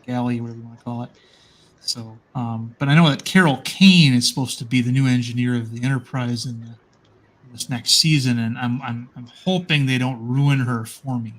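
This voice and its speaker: A man's voice: medium pitch, steady tone, normal speed. A man chatting casually as co-host, rambling with frequent restarts and fillers. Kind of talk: casual chat.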